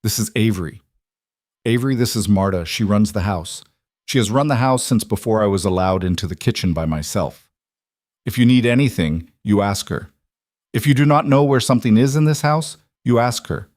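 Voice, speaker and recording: A man voicing a calm, formal mafia boss in a storybook narration, speaking in measured, deliberate sentences. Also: on the low side, no room sound, clean studio sound, lightly acted. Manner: formal, measured, dryly patient.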